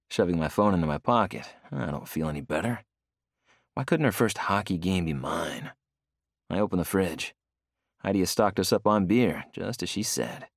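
Deep-voiced young male narrator, lively swings, dry close studio sound. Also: normal speed, vocal fry, dry recording. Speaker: audiobook narrator. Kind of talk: first-person novel narration.

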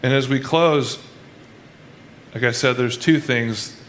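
A man's voice: mid-range voice, takes it slowly, fairly bright tone, slight background noise. A male pastor giving a casual, conversational sermon, often restarting his sentences and acting out people's inner thoughts in quoted asides. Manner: conversational preaching with frequent restarts.

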